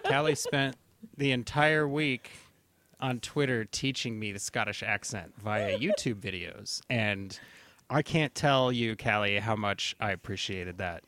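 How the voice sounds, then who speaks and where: A man's voice: on the low side, unhurried, fairly bright tone, no room sound. A man co-hosting a podcast, chatting loosely and joking, laughing often. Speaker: podcast co-host. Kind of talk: casual chat.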